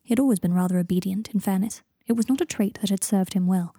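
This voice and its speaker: A woman reading fan fiction aloud in a soft, hushed manner with a gravelly, husky voice. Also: medium pitch, quick pace, dry recording, clean studio sound. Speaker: audiobook reader.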